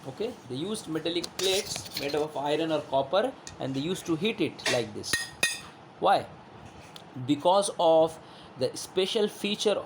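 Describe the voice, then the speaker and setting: A male teacher giving a classroom science lesson, halting with fillers and restarts, checking in with "okay?". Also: on the high side, background noise.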